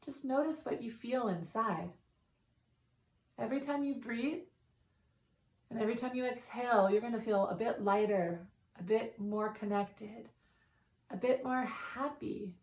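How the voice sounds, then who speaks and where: A woman guiding a meditation in a calm, soothing way, leading breaths and repeating affirmations. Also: on the high side, measured pace, pauses often. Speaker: meditation guide. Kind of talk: guided meditation. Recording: roomy, distant from the mic.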